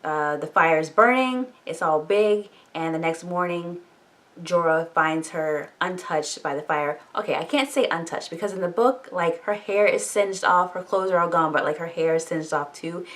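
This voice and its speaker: A woman talking casually as she recaps and reviews a book, full of fillers, jokey asides and swearing. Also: fairly low pitch. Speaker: book vlogger.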